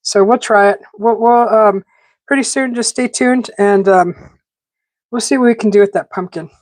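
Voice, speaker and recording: A woman's voice: medium pitch, moderate pace, darkish tone, dry recording. Chatty woman streaming live, dry sound. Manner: rambling, chatty, many fillers and restarts; talking while eating. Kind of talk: casual live-stream chat. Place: home garden setting.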